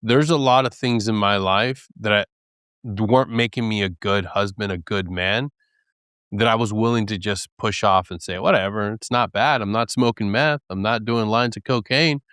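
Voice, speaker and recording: Man, deep smooth voice, candid and earnest in podcast talk, dry close sound. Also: moderate pace, a bit bright, no echo. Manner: earnest, candid storytelling with acted quotes and laughs. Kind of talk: casual podcast chat.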